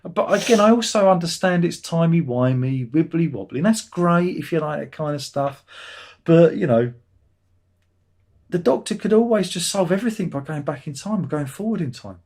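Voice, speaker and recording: A man talking in a casual livestream chat, sarcastic and quick to get worked up. His voice sits a little high for a man. He rants about what annoys him. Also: animated, a little mellow. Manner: ranting, sarcastic, quick to anger. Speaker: host of a review livestream. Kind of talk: casual chat, reading viewer comments.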